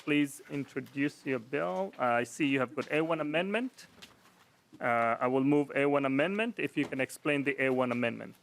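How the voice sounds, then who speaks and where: A man's voice: medium pitch, moderate pace, creaky, a little hiss or hum. A man chairing a legislative committee hearing, running motions and votes in a formal, procedural way.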